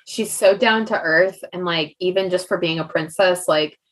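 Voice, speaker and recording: A woman's voice: on the low side, moderate pace, poor audio. A woman co-hosting a podcast, chatting casually about a book and rambling with lots of "like" fillers. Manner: rambling, heavy use of "like" fillers. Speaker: podcast co-host. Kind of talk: casual book discussion chat.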